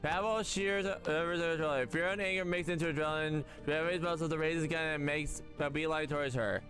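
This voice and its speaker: A man's voice: fairly high pitch, steady tone, brisk, a bit bright. A man streaming a game, reading its dialogue and narration aloud with frequent stumbles and self-corrections. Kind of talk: casual reaction stream, reading text aloud. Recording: faint music underneath.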